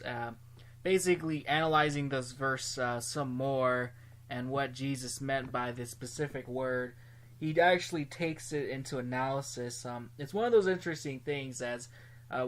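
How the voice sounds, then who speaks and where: A man's voice: medium pitch, fairly bright tone. A man hosting a Bible study video, talking through a verse in a casual, hesitant way with lots of ums and restarts. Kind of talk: casual spoken commentary.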